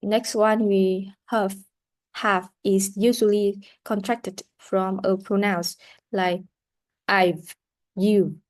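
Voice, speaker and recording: Slow, careful woman teaching pronunciation. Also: medium pitch, flat delivery. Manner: slow, deliberate explaining with frequent restarts. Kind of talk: classroom pronunciation lesson.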